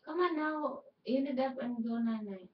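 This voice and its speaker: A woman's voice: high voice, expressive, normal speed, far from the mic, dull audio. Mother coaxing from across the room. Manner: urging, coaxing a child to stop. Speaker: parent. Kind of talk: casual talk off camera.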